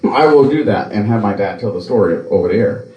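A man's voice: on the low side, animated, fast talker, reverberant, dull audio. A man hosting a podcast, telling a story in a casual, profane way. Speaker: podcast host.

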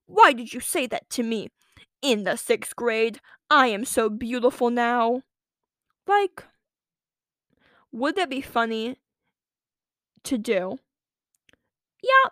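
A teenage girl hosting her own podcast, telling a story in a chatty, animated way that jumps from loud lines to whispered asides. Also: on the high side, takes it slowly, no room sound, clean studio sound. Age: late teens. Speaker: podcast host. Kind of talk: casual storytelling monologue.

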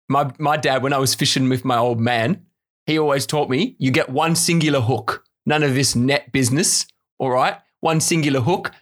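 A man's voice: medium pitch, a bit bright, close to an everyday voice. A man playing Gaza, an impulsive, blustering character who keeps cutting in during an improvised comedy scene. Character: blustering bloke called Gaza, impulsive and pushy.

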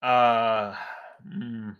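A man's voice: medium pitch, level tone, extremely slow, clean tone, lo-fi sound. A young man rambling in a tired, frustrated, profane rant, worn out and fatigued. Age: young adult. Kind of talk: casual rant.

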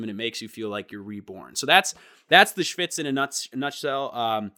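A young man telling a funny story in casual chat, animated and acting out what people said. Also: medium pitch.

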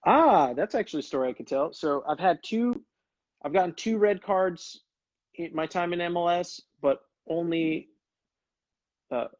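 A man in his thirties, a former pro player, spins stories for his livestream viewers in an easygoing, chatty way. His voice sits a little high and comes through dry and slightly muffled. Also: a little mellow, no echo. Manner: laid-back storytelling, calls people brother. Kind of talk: casual livestream chat.

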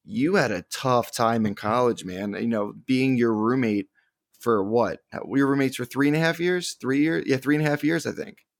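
Gravelly young man, rambling and earnest. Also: mid-range voice, normal speed, no room sound, studio quality. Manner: rambling, filler-heavy, earnest. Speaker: podcast co-host. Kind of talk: casual chat.

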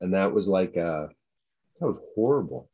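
Guy w a lowish voice, earnest, keeps repeating himself. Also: lively intonation, normal speed, warm tone, breathy edge, highs cut off. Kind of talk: casual chat.

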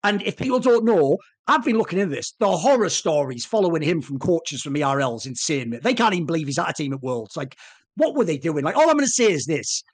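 Animated ranting man, lively pitch swings. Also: quick pace. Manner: animated, rant-like, swears often. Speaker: esports analyst. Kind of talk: casual podcast banter.

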